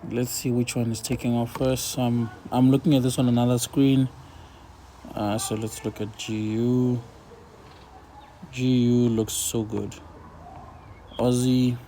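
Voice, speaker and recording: Casual trader, male, young adult, gravelly and dark-toned, thinking aloud on screen. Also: mid-range voice, flat delivery, a little slow, long pauses, slight background noise. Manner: laid-back, talks to himself while watching charts. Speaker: forex trader. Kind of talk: casual screen-share trading commentary.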